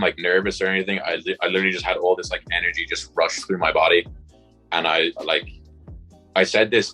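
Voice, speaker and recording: A man's voice: sits low, bright, forceful tone, poor audio. A young Irish man from Dublin with a Dublin accent, chatting casually as an interview guest, rambling with lots of fillers. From Ireland. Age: young adult. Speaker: guest, college punter.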